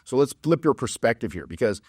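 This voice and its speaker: A man's voice: medium pitch, very animated, brisk, a little mellow, slightly rough, dry recording, studio quality. A man coaching on dating in a blunt, profane, casual monologue, telling stories with laughs and mocking others in put-on voices.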